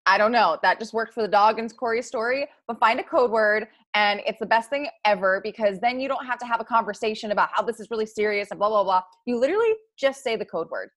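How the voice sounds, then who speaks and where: A woman's voice: on the high side, fast, few pauses, fairly bright tone. Casual co-host: a woman, chatty and easy-laughing, talking with her partner. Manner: chatty, laughs easily, lots of "like". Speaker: podcast co-host.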